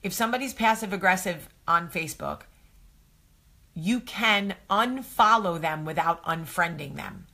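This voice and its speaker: A woman's voice: on the low side, lively intonation, measured pace, pushed and bright. A woman hosting a live advice chat, talking straight to viewers, chatty and effusive as she answers their comments. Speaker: host of a live advice show. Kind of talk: casual live-stream chat.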